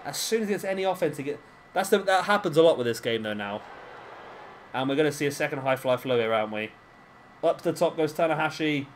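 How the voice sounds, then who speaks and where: A fired-up man calls a wrestling video game as he plays, cheering and groaning along with every move. His voice sits fairly high for a man. A faint hiss of noise runs under the recording. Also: fast. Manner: excitable, cheering the wrestlers on aloud. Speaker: gaming channel host. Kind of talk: let's-play wrestling game commentary.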